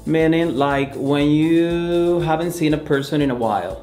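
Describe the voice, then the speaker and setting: A man's voice: on the high side, dark tone, reverberant, soft background music. A man explaining an English phrase carefully, giving example questions and answers. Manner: slow, careful delivery. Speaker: English teacher.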